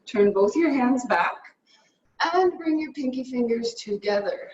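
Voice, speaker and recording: A woman teaching a live yoga class, cueing poses in a brisk, upbeat way and a little out of breath. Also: a little high, expressive, darkish tone, muffled recording, a little hiss or hum. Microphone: camera mic at a distance. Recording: echoey room, from far off.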